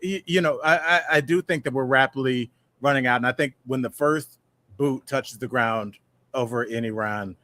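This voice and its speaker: Joking and rambling through casual comedic news chat, this podcast co-host often imitates tough-talking men. He has a mid-range voice that sounds pushed and bright, delivered at a moderate pace.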